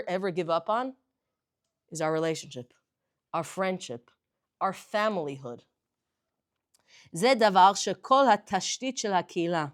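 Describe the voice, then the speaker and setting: A woman teaching a lively class, animated and emphatic, moving between languages in a synagogue hall. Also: lowish voice.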